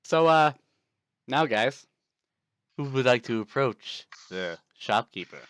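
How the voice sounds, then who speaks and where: A man narrating as game master of a tabletop game in a casual, relaxed way. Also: mid-range voice, takes it slowly, clean tone, no room sound, clean studio sound.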